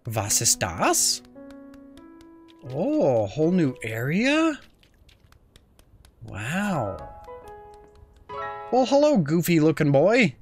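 Giggly young gamer, lively voice. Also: medium pitch, very slow, pauses often, faint music behind. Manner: giggly, playful, talks as the goose. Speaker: gaming video host. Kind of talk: let's play commentary.

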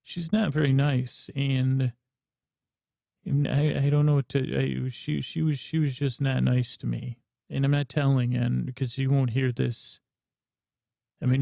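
A man hosting a sleep podcast, rambling and stammering in a low-key way as a downcast spaceship pilot writing to his pen pal. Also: vocal fry, dark tone, no room sound, clean studio sound. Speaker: podcast host and storyteller. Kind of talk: rambling sleep-story improv.

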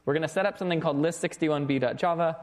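A man giving an informal recorded programming lecture. He is lively and often checks in with "okay?" and "right?". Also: on the high side, very fast. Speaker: university lecturer.

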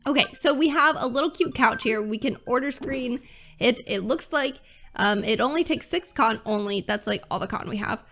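A woman's voice: fairly high pitch, fairly quick, fairly bright tone, soft background music. A young American woman giving casual, gushing commentary while playing a cozy mobile game. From United States. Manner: chatty, gushing with fillers. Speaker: gaming YouTuber.

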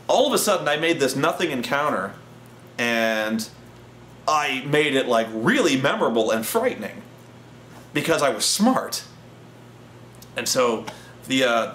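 A man hosting a show, telling a casual tabletop-gaming anecdote in an animated, profane way with frequent restarts. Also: medium pitch, slight background noise. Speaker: host and storyteller. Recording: roomy echoing room.

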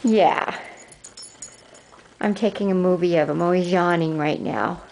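In a casual home video shot indoors among the rooms of a house, an older woman, a grandmother, chats on the phone while coaxing her dog in a sing-song voice. Her voice is lowish, gravelly, and darkish, her pace measured, and the audio poor.

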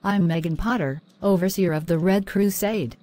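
A woman's voice: fairly low pitch, steady tone, normal speed, darkish tone, natural voice. A woman voicing a defiant female overseer of a crusade in an audio drama, speaking in solemn, declamatory vows.

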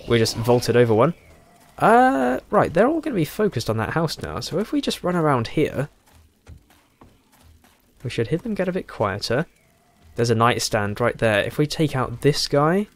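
A man giving casual let's play commentary, thinking aloud and chuckling, with a hoarse voice and a frog in his throat. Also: mid-range voice. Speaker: game streamer.

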